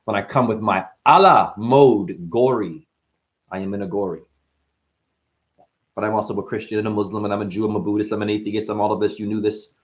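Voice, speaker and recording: A man's voice: fairly low pitch, fairly even intonation, fairly quick. A man rapping a rambling, boastful freestyle full of puns and profanity. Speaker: freestyle rapper. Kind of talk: freestyle rap.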